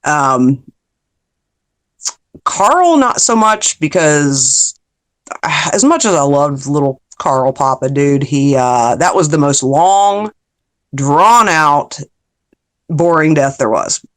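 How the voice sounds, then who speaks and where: A woman's voice: deep voice, takes it slowly. Woman guest, casual chatter, laughs constantly, keeps losing her thread. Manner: giggly, easily sidetracked, laughs a lot. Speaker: guest on a live-streamed interview show. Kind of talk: casual chat.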